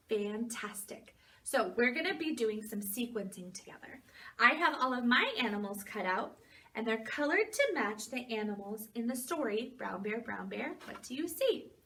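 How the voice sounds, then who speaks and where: Bright, high-voiced preschool teacher. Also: female voice, expressive, moderate pace, far from the mic, slight background noise. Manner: gentle, encouraging, sing-song story phrasing. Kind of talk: preschool lesson for young children.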